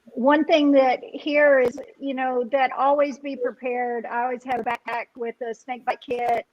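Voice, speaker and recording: A woman's voice: high-pitched, little pitch movement, measured pace, muffled recording. A woman, chatting casually as a guest on a livestream, with frequent fillers and laughter. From Texas. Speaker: guest metal detectorist.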